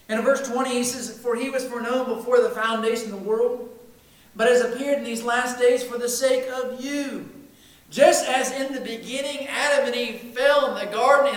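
A man preaching a sermon, emphatic, swinging between loud declarations and hushed lines. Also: very high voice. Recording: very echoey room, mic at a distance.

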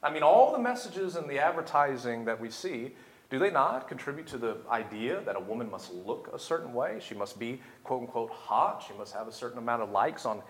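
A man's voice: mid-range voice, sing-song, a little fast. A young man preaching a sermon, building to emphatic, repeated climaxes. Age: young adult. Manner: preaching with rising intensity and emphatic repetition. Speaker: pastor. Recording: echoey room.

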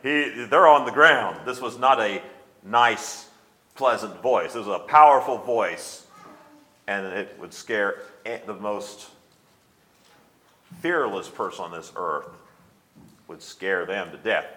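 Middle-aged Midwestern male preacher, bright forceful tone, lively anecdotes and scripture reading. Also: lowish voice, slow, pauses often. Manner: animated storytelling, reads scripture aloud with rising force. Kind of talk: sermon.

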